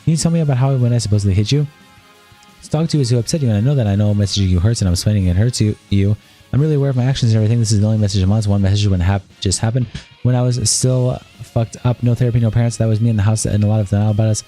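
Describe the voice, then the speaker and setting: Fast-reading man with a dark voice. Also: lowish voice, faint music behind. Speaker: streamer. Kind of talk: reading text messages aloud on a livestream.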